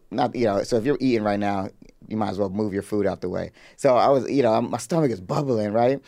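A young man co-hosts a podcast in easy, slangy chat, telling long stories. His voice sits at a mid pitch, and he breaks into loud laughter. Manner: laid-back, laughs loudly, slangy. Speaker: podcast co-host. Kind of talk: casual chat, storytelling.

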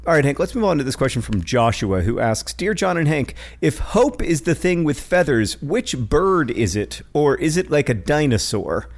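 A man's voice: a little high, big pitch swings, moderate pace, hardly any pauses. Wry, self-deprecating male podcast co-host. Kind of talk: casual chat and reading listener questions.

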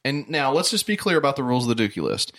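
A man co-hosting a comedy podcast, giving improvised banter in a deadpan mock-newscaster delivery. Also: medium pitch, very fast. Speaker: podcast co-host.

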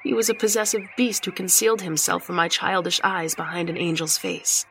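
A woman's voice: lowish voice, brisk, fairly bright tone, slight background noise. A woman narrating a horror story in the first person, with a tense, dramatic reading. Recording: music behind the voice.

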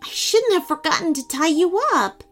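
A woman's voice: extremely high pitch, lively intonation, moderate pace, faint music behind, pitched above the performer's own voice. A woman voicing a young girl in a children's story, eager and questioning. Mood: wondering. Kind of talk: storybook character voice.

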